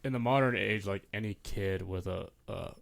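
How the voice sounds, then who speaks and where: A man chatting casually as a podcast guest, speaking haltingly with pauses and restarts. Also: on the low side, vocal fry. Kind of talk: casual chat.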